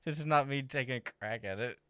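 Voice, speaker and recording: A man's voice: medium pitch, fairly quick, pushed and bright, clean tone, no echo. A man telling joking stories in casual podcast chat, laughing often.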